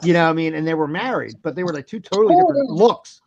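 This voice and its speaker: Brief: male podcast host, high animated voice, dry close mic, profane storyteller. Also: very fast, highs cut off, a little hiss or hum. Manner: animated storyteller, swears a lot, laughs often. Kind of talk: casual banter.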